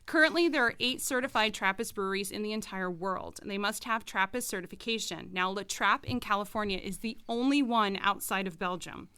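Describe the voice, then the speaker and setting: A woman with a mid-range voice speaks briskly and sharply, pausing little, in smooth audio without echo. Co-hosting a casual podcast, she presents a beer segment, reading her notes on beer styles and adding chatty asides in a semi-scripted, informative way.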